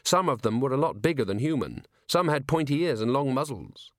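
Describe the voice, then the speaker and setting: A man reads a novel aloud as audiobook narrator, measured and clear. His voice sits in a middle pitch. The recording is dry and close, with no room sound. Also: animated, no echo. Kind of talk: scripted narration.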